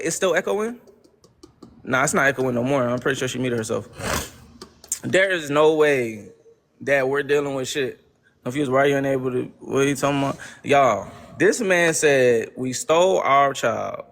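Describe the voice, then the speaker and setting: A man's voice: medium pitch, normal speed, a bit bright. A young man hosting a livestream, ranting to his chat in casual slang and repeating exasperated rhetorical questions. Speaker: livestream host.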